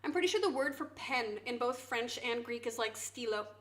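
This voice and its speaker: A woman streamer chatting casually to her viewers, swinging into loud mock outrage and swearing. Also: a little high, expressive, normal speed. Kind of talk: casual live-stream chat. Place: home kitchen.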